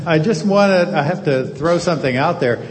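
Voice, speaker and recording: A man's voice: on the high side, lively intonation, moderate pace, slight background noise. Jokey man from New Jersey in a hall. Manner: jokey, self-amused. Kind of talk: audience comment at a live event. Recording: reverberant hall.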